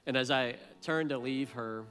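A man's voice: mid-range voice, normal speed, fairly bright tone, faint music behind. A man in his thirties preaching a heartfelt sermon, earnest and emotional, often repeating his words. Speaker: pastor.

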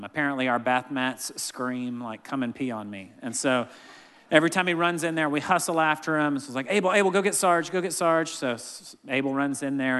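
A man in his thirties preaching a sermon, telling family stories with animated delivery and acting out voices. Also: mid-range voice, clean tone. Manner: animated storytelling, acts out family members' voices. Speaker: pastor. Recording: long hall reverb.

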